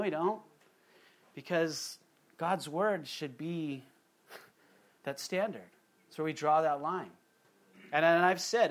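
Animated man preaching a sermon. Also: on the high side. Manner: animated, acts out quotes in voices. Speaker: pastor.

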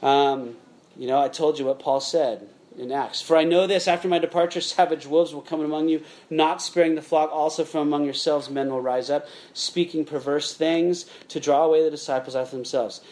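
A man's voice: on the high side, steady tone, normal speed, darkish tone. A middle-aged man preaching a sermon in a conversational way, often checking in with "okay?" and addressing listeners as "guys.". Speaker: pastor.

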